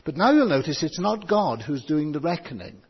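A man preaching a sermon, reading scripture and slowing down to stress key words. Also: a little high, very animated, slightly rough. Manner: stresses words, slows for emphasis. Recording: dull sound with long hall reverb.

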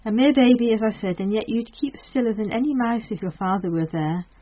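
A woman's voice: on the low side, lightly acted. Field: woman reading as kind farmer's wife. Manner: warm chatty neighbourly tone. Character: kind motherly farmer's wife, cheerful, talkative. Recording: thin phone-like sound.

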